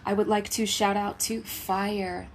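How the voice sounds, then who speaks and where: A woman in the role of a spiritual healer delivers a channeled message from home, her voice sitting at an ordinary middle pitch. She moves through a reverent, list-like run of thanks, sometimes dropping to a hushed whisper, and breaks it up with light, playful asides. Faint ambient noise hangs under her voice. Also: level tone, unhurried. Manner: drops to a hushed whisper at times.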